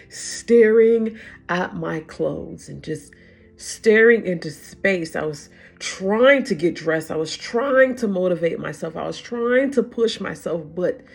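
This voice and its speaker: A middle-aged woman telling her own hard story as emotional testimony, halting and repeating words as she goes. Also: fairly low pitch, creaky, a little mellow. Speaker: vlogger sharing a personal story.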